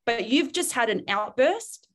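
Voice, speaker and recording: A woman's voice: a little high, lively intonation, unhurried. A woman, a parenting expert in casual podcast chat, speaking frankly and acting out quoted voices.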